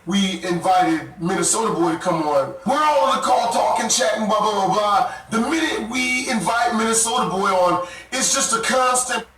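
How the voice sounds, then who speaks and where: High-voiced man telling a story, echoey. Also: moderate pace, hardly any pauses, faint music behind. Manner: animated, profane, laughs while telling. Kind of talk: casual storytelling. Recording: echoey room, mic far off.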